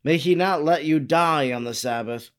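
A man reading the lines of an earnest male healer who rebukes his critics in slow, solemn questions. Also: on the high side, natural voice. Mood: admonishing. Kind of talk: dramatic reading of dialogue.

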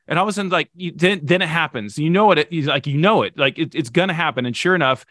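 A middle-aged man telling a story as a podcast guest, animated and self-mocking, with exasperated asides. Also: a little high, fast talker, no room sound, clean studio sound. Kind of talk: casual storytelling in conversation.

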